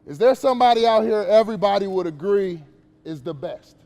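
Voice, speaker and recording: A man's voice: high-pitched, expressive, a little fast, darkish tone, big-room sound. A man giving a casual, slangy motivational talk to young players at a basketball camp, questioning the kids as he goes.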